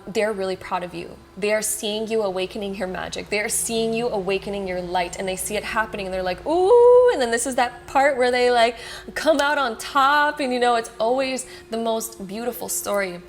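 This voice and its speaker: A woman giving a casual pick-a-card tarot reading to viewers. She talks fast and with excitement, reassures them, and fills her speech with "like" and "you know.". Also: mid-range voice, slight background noise. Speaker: tarot reader.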